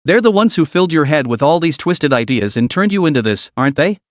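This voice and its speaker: A desperate young woman, tearful and frantic, pleading and shrieking at her brother in a storybook recap, as a male narrator puts her on. The voice leaps about lively and sits a little high, recorded dry and close. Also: fast, no room sound, lightly acted. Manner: screaming, pleading, trembling.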